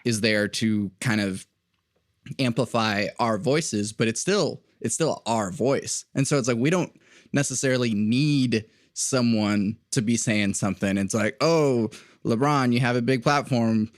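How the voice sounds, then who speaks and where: A man guesting on a podcast, thoughtful and halting, often restarting a sentence. His pitch is ordinary for a man. The sound is dry and close to the mic. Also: no echo. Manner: reflective, halting with many restarts. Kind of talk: casual conversation.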